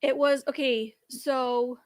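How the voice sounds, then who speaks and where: A woman's voice: sits high, fairly even intonation, slow pace, dry recording, studio quality. A woman guest on a casual game-show chat, telling a long, winding story. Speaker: guest contestant.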